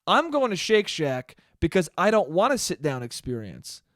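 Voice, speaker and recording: A podcast host rants solo into the mic in a fast, casual, swear-filled monologue, his voice high for a man and sing-song. He spikes into sudden loud bursts of exasperation, and the sound is dry and close without room echo.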